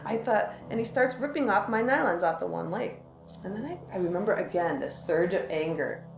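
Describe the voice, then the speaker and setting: Lively, laughing woman telling a story. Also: on the low side, brisk, creaky, roomy sound, slight background noise, rough recording. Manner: animated, laughs often, acts out quotes. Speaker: storyteller among friends. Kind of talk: casual personal anecdote.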